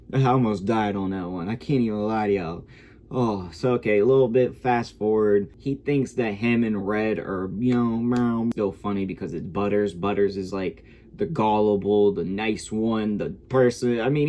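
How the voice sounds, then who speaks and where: A man's voice: on the low side, mellow. A man giving a casual, rambling review of a TV episode, swearing freely as he goes. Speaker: show reviewer.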